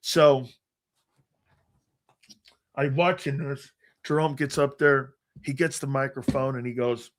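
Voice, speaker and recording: A middle-aged man hosting a sports talk show, telling a profane, animated story and acting out the other voices. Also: mid-range voice, slow, long pauses. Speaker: sports talk radio host.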